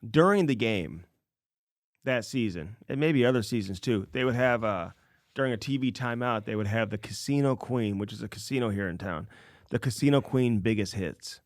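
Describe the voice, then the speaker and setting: A man's voice: on the low side, normal speed, no echo, studio quality. A man co-hosting a podcast in casual chat, teasing his partner with joking banter. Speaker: podcast co-host.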